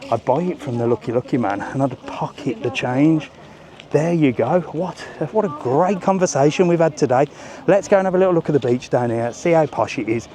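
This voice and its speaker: Fairly quick and a little high, with a warm tone, a man's voice narrates his live-streamed walk along a crowded resort seafront. He chats, jokes around, and swears casually, while street and traffic noise hums faintly behind him.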